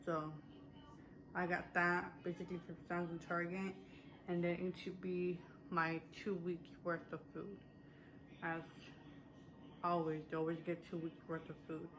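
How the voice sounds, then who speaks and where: With a fairly low voice and a completely flat delivery, a woman vlogger does a casual haul chat, rambling a little breathlessly with many fillers and restarts. She speaks a little slowly, leaving long pauses, and there's background noise.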